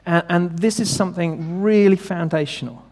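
A high-voiced man preaching to a congregation, casual but emphatic, asking questions and stressing key words. His voice rings out with long reverb through a church hall. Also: normal speed, a little mellow. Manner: conversational, emphatic, rhetorical questions. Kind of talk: sermon.

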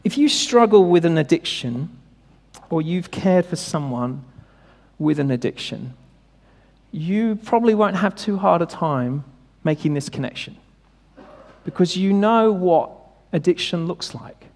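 A man's voice: fairly high pitch, lively intonation, unhurried, long pauses, a little mellow, long reverb tail. A man preaching a sermon in a conversational, emphatic way, often asking his listeners questions.

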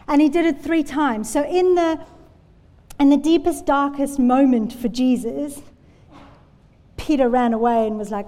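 A woman's voice: high voice, moderate pace, warm tone. A woman preaching a sermon in a church, telling Bible stories in an earnest, conversational way. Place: church hall. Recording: long hall reverb.

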